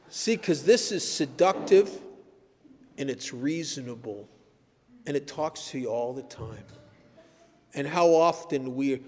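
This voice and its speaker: An older man with a fairly high voice talks earnestly to a meeting, blunt and storytelling, jumping up in pitch when he drives a point home. His words trail off into the long reverb of a large hall. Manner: earnest, blunt, storytelling with sudden emphatic rises. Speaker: speaker at a recovery meeting. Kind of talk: personal recovery talk. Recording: echoey hall.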